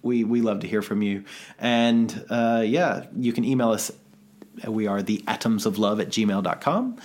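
A man's voice: lowish voice, moderate pace, darkish tone. Rambling male podcast co-host. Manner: rambling, self-reflective, jokey. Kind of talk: casual chat.

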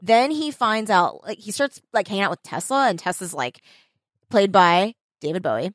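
A woman chatting casually with friends, telling a long story in an animated, rambling way. She fills her sentences with "like" and drops swear words freely. The sound is close and dry, with no room to it. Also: medium pitch, normal speed, dry recording. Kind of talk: casual chat.

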